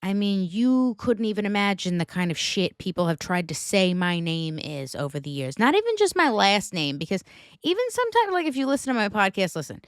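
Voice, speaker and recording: A woman with a US Northeastern accent hosting a casual pop-culture podcast, talking in an animated, emphatic way and swearing freely. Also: mid-range voice, fairly quick, no echo, studio quality. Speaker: podcast host.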